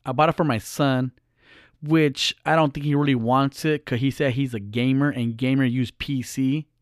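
A man's voice: mid-range voice, steady tone, moderate pace, no echo, studio quality. A middle-aged man vlogging in a blunt, profane, heated rant straight to his viewers. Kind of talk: casual ranting monologue.

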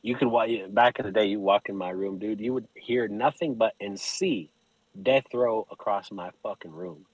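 A man, a podcast guest telling stories in casual chat, animated and profane, laughing often. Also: on the low side, normal speed, slightly rough, no echo, highs cut off.

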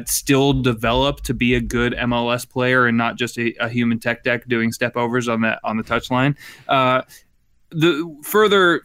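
Smooth-voiced man breaking down a match. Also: mid-range voice, a bit bright, dry recording, studio quality. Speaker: podcast co-host. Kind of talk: casual sports analysis.

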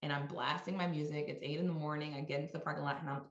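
A woman's voice: sits low, steady tone, racing. A middle-aged woman from New York, a guest executive, talking reflectively in a conversational interview and often adding "you know" and "right?". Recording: roomy, slightly dull sound.

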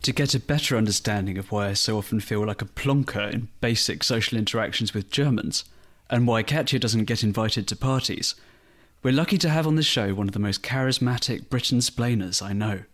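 A man's voice: on the low side, a little fast, fairly bright tone. A man co-hosting a podcast, introducing the guest in a playful, self-deprecating way. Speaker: podcast co-host.

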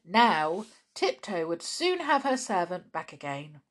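A woman hosting a children's story podcast, reading storybooks aloud in an expressive, chatty way with soft asides. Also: on the low side, measured pace.

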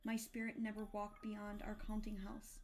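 A woman's voice: medium pitch, monotone, normal speed, darkish tone, a little hiss or hum, close to an everyday voice. A woman voicing a grim male ghost, a dead miser bound in chains, who speaks in a mournful, solemn, declaiming way.

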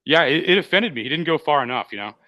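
A man's voice: a little high, expressive, quick pace, dry recording, dull audio. Man, talk show host, joking, rambling, dry close sound. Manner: joking, rambling, many fillers. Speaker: podcast host. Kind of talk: casual live show hosting. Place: restaurant.

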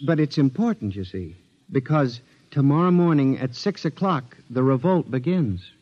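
An actor playing a paranoid male engineer convinced machines are alive, pleading and then shouting in a 1950s radio drama. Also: mid-range voice, animated, moderate pace, lightly acted. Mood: earnest conviction. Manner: pleading, rising to frantic shouts. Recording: dull old radio recording.

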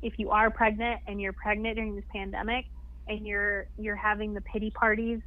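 A woman's voice: medium pitch, level tone, fairly quick, no echo. Chatty woman on a tinny phone line. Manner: chatty, laughs often, many fillers. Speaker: podcast guest. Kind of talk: casual interview chat.

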